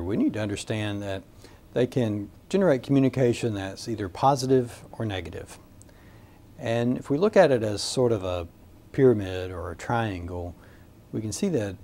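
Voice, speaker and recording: A man teaching a recorded lesson on communication in a measured, explanatory way, with frequent "uh" fillers. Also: on the low side, warm tone. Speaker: communications instructor. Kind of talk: recorded lecture.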